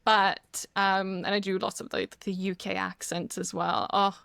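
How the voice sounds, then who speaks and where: A woman's voice: mid-range voice, little pitch movement, unhurried, creaky, fairly bright tone, clear, resonant tone, dry recording, studio quality. A woman chatting as a podcast guest, rambling and laughing often as she talks. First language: not English. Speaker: podcast guest, dungeon master. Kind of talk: casual chat.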